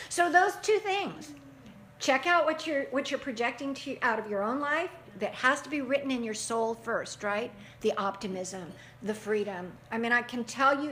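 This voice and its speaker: Middle-aged woman, parenting teacher, animated and fairly high, recorded in an echoey room. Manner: animated, acts out parents' voices, laughs often. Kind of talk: lively group talk. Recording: echoey room, faint background noise.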